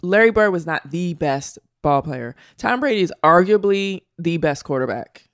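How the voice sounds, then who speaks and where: A woman co-hosting a casual gossip chat, animated and incredulous. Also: on the low side, normal speed, no room sound, clean studio sound. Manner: animated, incredulous, lots of likes. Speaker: co-host.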